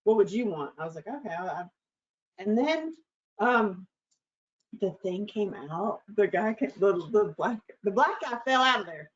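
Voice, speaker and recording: A woman's voice: mid-range voice, expressive, a little slow. A woman hosting her show, telling a candid personal story in a bubbly, crude, laughing way. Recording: slightly dull lo-fi recording.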